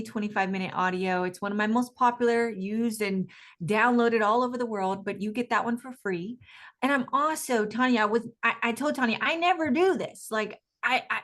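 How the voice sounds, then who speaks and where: A woman's voice: mid-range voice, a bit bright. A woman guest coach speaking energetically in an interview, emphatic and often laughing. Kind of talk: enthusiastic interview talk.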